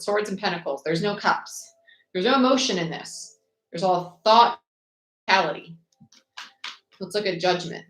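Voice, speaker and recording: Chatty tarot reader, low and echoey. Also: female voice, a bit bright. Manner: chatty, quick, lists cards aloud. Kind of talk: live tarot reading. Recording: echoey room with faint noise.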